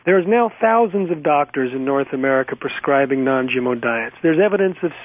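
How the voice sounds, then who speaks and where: A man's voice: medium pitch, expressive, dry recording. A man speaking as a guest in a radio interview, insistent and packed with facts. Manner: rapid, insistent, fact-heavy. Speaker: guest activist. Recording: phone line, dry.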